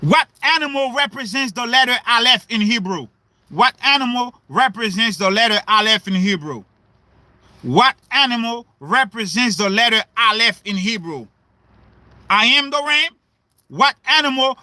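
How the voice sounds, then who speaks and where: A man preaching in a livestream sermon, questioning his listeners, repeating himself and breaking into shouts. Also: very high voice, animated, normal speed, no echo.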